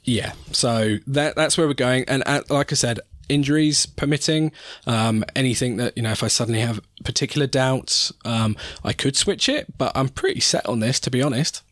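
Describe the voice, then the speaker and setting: A man riffs and banters on a chatty sports podcast. His voice sits at an ordinary middle pitch. The sound is dry and close, with no room around it. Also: normal speed, fairly bright tone, dry recording. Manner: banter, swears casually. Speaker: podcast co-host. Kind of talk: casual podcast chat.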